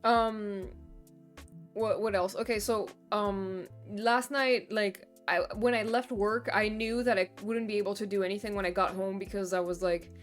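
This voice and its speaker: A woman's voice: mid-range voice, steady tone, moderate pace. A young woman streamer in casual chat, venting in long rambling runs full of fillers and swearing. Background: faint background music.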